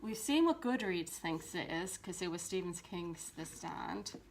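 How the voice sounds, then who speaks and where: A woman's voice: fairly low pitch, animated, a little slow, gravelly. A woman chatting casually about her books at home by her shelves, talking in a rambling way with many ums and restarts. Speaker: book vlogger. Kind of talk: casual chat.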